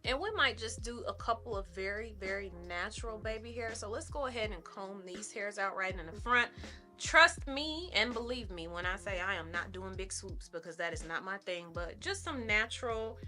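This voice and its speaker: Faint music sits behind this young woman's bright, pushed voice, medium in pitch and at a normal speed. She's a beauty vlogger doing a relaxed get-ready-with-me chat, upbeat as she styles a wig and calls her viewers y'all.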